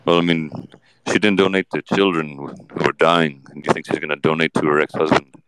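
A man doing an impression of a weary male film star, talking in a slow, mumbling, hesitant drawl. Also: a bass voice, steady tone, a bit bright, clear, resonant tone, dry recording, pitched below the performer's own voice, poor audio. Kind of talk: comedic celebrity impression.

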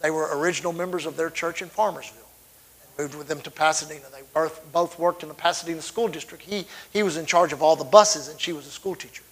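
A middle-aged man delivers a sermon, telling stories from the pulpit with fervor. His voice sits somewhat high for a man. He swings from loud, surging lines to quiet asides. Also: fast talker, breathy edge, poor audio. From Texas. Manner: fervent storytelling with sudden loud swells and drops. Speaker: preacher.

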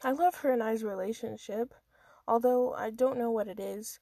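A woman's voice: on the high side, steady tone, normal speed, creaky, dark tone, dry recording. A woman reading her own first-person story aloud in a casual amateur manner, with small stumbles and restarts.

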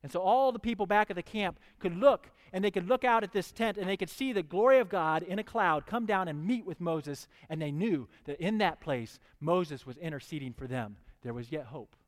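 A man's voice: high-pitched, normal speed, few pauses, in a large hall. A man preaching a sermon, reading scripture aloud and pressing his listeners with questions. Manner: reads scripture, then preaches with rising fervor.

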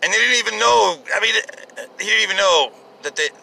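A man's voice: sits high, brisk, vocal fry, sharp tone, slightly rough, dry recording, rough recording. A man giving casual, sarcastic political commentary, ranting with profanity and exasperation.

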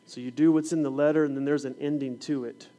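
Fairly high in pitch and fast, a middle-aged man who is a preacher and fifth grade science teacher tells stories from his classroom during a sermon. He's an animated teller who acts the scenes out.

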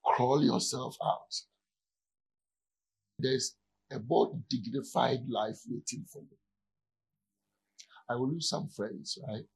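A man's voice: mid-range voice, slow pace, gravelly, pauses often, breathy edge, rough recording. A man preaching as a pastor in a conversational sermon, often checking in with his listeners to see if they follow.

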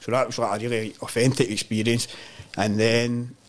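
A Scottish man chats casually on a podcast, swearing freely as he tells stories and acts out the voices of people he met. His voice sits at an ordinary middle pitch for a man. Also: moderate pace. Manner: animated storyteller, swears freely, mimics voices in quotes. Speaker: podcast guest. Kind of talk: casual chat.

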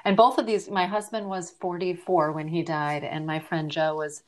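Middle-aged woman, low voice, earnest and reflective, conversational interview guest. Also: flat delivery, moderate pace. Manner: earnest and reflective, softening to near-whispers. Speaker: podcast guest, grief advocate. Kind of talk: conversational interview, personal storytelling.

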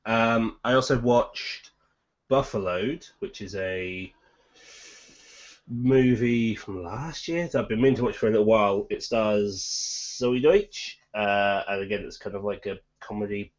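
A man's voice: lowish voice, unhurried. A young man co-hosting a casual chat, meandering and hedging as he talks. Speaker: podcast co-host. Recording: lo-fi muffled audio.

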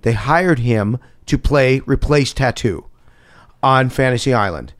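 A man in his fifties chats casually as a podcast guest. He tells his stories with lively, laughing energy in an ordinary mid-range voice. The sound is close and dry. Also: medium pitch, measured pace, no room sound. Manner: animated storyteller, laughing often. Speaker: actor guest.

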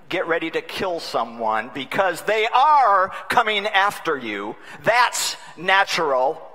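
A man delivering a sermon as a bishop, with a somewhat high, very bright and forceful voice. He is wry and humorous, dropping to a hush and then rising again. The sound carries the long reverb of a large conference hall. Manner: wry, humorous, swings between loud and hushed. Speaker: bishop preaching.

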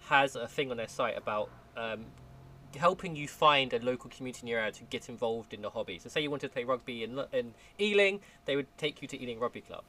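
A man's voice: mid-range voice, expressive, quick pace, pushed and bright. A man co-hosting a casual podcast, chatty and joking. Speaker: podcast co-host. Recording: slightly distant mic with faint background noise.

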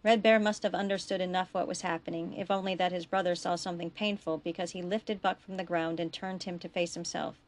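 A woman reading her own fiction aloud in a steady, expressive storytelling voice. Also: fairly low pitch, fairly quick, few pauses.

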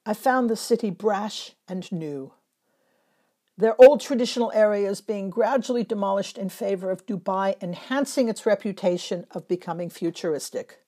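Mellow-voiced woman narrating travel memoirs. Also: mid-range voice. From Northern Europe. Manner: measured, reflective storytelling. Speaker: travel photographer. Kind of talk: scripted first-person travel narration.

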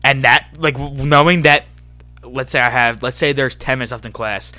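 A man's voice: mid-range voice, steady tone, moderate pace, sharp tone, no echo. Young man ranting with lots of swearing. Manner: rambling, swears a lot, says dude constantly. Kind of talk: casual chat.

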